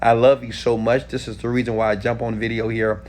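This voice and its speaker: A man in his thirties from Houston, Texas, answering viewer questions in a casual live stream, animated and talking straight to viewers. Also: mid-range voice, brisk, a little hiss or hum. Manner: animated, talks straight to viewers with frequent "okay?".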